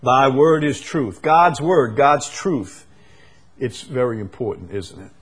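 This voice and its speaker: An animated, husky male preacher gives a slow, emphatic sermon. His delivery jumps to sudden loud, high peaks and sinks into soft lulls.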